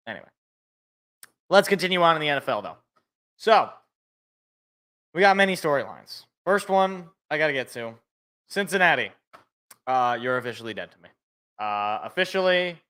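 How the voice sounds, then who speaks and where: A man hosting a sports podcast alone, ranting in a rambling, animated way and cutting himself off. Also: fairly high pitch, smooth. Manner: rambling, animated, self-interrupting. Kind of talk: casual solo sports rant.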